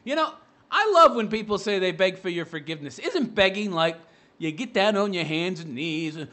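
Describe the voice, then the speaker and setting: Sarcastic man ranting in a high voice. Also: expressive, normal speed, pushed and bright. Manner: profane, sarcastic, insulting. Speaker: commentary vlogger. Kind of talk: mocking rant commentary.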